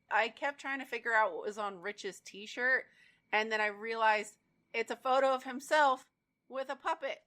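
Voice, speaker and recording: Woman, podcast co-host, giggly casual chat, bright voice. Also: on the high side, measured pace.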